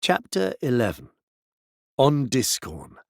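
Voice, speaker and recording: A man reading a classic novel aloud as an audiobook narrator, with dramatic, measured delivery. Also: mid-range voice, sing-song, creaky, no echo, studio quality. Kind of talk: scripted narration.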